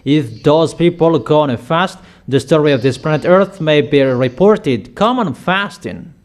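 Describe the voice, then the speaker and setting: Slow, emphatic male preacher. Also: on the high side, animated. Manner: emphatic, declaiming, repeating commands. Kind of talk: sermon.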